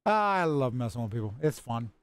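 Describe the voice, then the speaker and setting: A male streamer chats with his viewers while he plays, teasing and cursing in a loose, playful way. His voice swings widely between high and low. The sound is dry and close, with no room around it. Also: sing-song, fairly quick, clear, resonant tone, no room sound. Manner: joking, swears often, talks to chat. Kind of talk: casual gaming stream chat.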